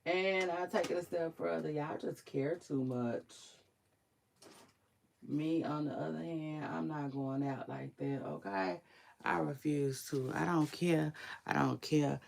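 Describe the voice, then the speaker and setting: A woman's voice: steady tone, slow pace, creaky. A woman in her forties with a smoky voice, chatting casually and sleepily to her viewers in a laid-back, slangy way. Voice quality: smoky low voice. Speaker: online commentator. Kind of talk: casual livestream chat to viewers.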